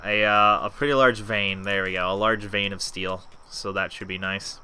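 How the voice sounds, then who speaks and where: A man's voice: fairly low pitch, steady tone, normal speed, pushed and bright, clear, resonant tone. A man giving casual gameplay commentary as a let's play host, chatting to himself, talking back at the game and swearing freely.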